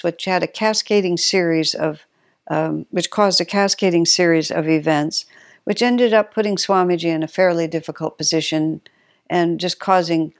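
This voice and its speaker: A woman giving a reflective spiritual talk. She pauses thoughtfully, searches for her words and corrects herself. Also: fairly low pitch, no room sound, studio quality.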